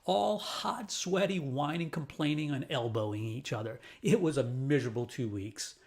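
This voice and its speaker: A man from New Orleans telling a personal childhood story with a lesson, in an animated and playful way. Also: medium pitch, normal speed, creaky. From New Orleans, USA.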